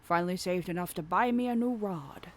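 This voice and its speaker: A woman voicing a gruff, hearty old fisherman who greets people loudly. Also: a little fast, a little hiss or hum, natural voice. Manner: loud, booming sailor greetings.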